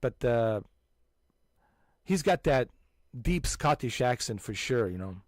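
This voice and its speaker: A man in his forties chatting casually as a channel host, animated and emphatic, restarting his sentences often. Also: medium pitch, slow pace, no echo, clean studio sound. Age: 40s. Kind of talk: casual chat.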